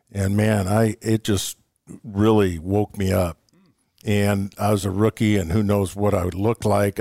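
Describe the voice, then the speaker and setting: Low-voiced man telling baseball stories. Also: vocal fry, darkish tone, dry recording, clean studio sound. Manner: chuckling, rambling anecdotes. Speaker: guest, former baseball player. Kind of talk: storytelling in casual chat.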